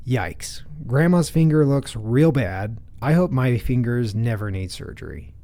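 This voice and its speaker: A man's voice: mid-range voice, lively intonation, unhurried, mellow. A man quoting his kind-hearted seven-year-old daughter in his own everyday voice, with no real put-on voice. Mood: squeamish. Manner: plain retelling of a child's words.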